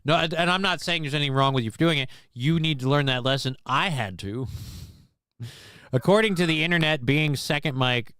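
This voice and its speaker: A man's voice: fairly high pitch, fairly quick, fairly bright tone, clean tone, no echo. A man hosting a casual livestream chat, with crude, mocking, profane banter. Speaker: show host.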